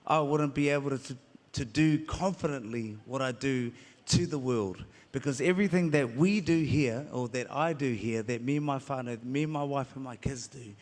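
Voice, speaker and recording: A man with a New Zealand accent giving a rambling, playful acceptance speech, often laughing. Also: medium pitch. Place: concert hall stage. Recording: large echoing hall with crowd noise.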